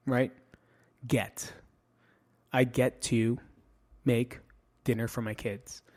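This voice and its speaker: A man's voice: mid-range voice, darkish tone. A middle-aged man hosting a casual monologue, joking and swearing as he mocks himself. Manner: profane, joking, self-mocking. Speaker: podcast host.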